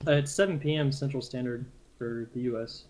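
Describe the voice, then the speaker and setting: A man's voice: mid-range voice, fairly even intonation, brisk, rough recording. Playful man with a Southern accent. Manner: playful, laughing. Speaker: player. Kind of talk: casual voice chat.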